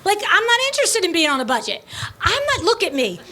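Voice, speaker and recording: A middle-aged woman, an interior design business owner and podcast host, telling a story in a breezy, blunt, animated way, with quick asides. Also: extremely high pitch. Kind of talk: casual storytelling.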